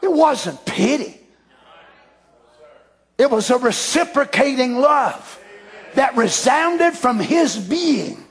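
A man preaching a fervent sermon, dropping to hushed asides and then rising to shouted declarations. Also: very high voice, expressive, takes it slowly, vocal fry, long pauses, husky. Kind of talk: Pentecostal-style sermon.

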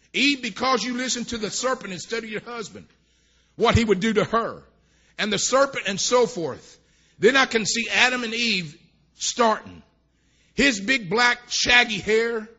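Male preacher, very high bright voice, fervent and shouting, muffled lo-fi recording. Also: vocal fry. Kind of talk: sermon. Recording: dull lo-fi sermon recording.

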